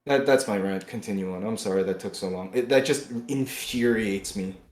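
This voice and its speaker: A man's voice: on the low side, moderate pace. Angry podcast man ranting in a roomy echo. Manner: angry, swings between loud bursts and muttering, restarts often. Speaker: podcast co-host. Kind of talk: heated political podcast rant.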